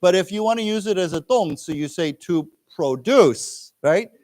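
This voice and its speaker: In a library lecture room, an American man teaches English, slowly reading news phrases for the class to repeat and patiently explaining words. His voice sits high, with an expressive, darkish tone.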